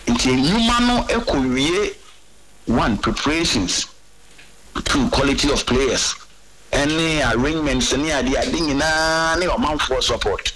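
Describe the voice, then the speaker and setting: Ghanaian male caller, higher voice, code-switching storyteller, radio line. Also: expressive, slow pace, a bit bright, a little hiss or hum, low-quality recording. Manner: mixes English and Twi, preachy storytelling. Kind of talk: call-in opinion over phone.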